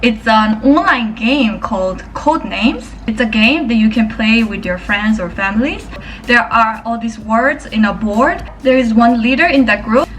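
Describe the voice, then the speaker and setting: A woman's voice: a little high, measured pace. A woman from Korea, chatting casually and thoughtfully in a vlog. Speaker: vlogger. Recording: distant mic with music. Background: background music.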